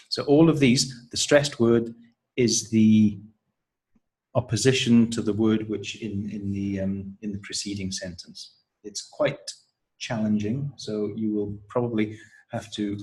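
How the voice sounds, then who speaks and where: A man working as a teacher trainer, giving a measured, explanatory walkthrough of classroom pronunciation activities. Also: lowish voice, darkish tone, breathy edge, rough recording. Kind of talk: instructional explanation.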